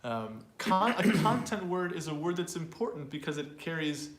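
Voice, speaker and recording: Speaking at normal speed with a high-leaning voice and big pitch swings, a male host teaches pronunciation online. He is casual and talkative, using fillers and little laughs, and says example phrases aloud to show how they sound. The recording sounds roomy.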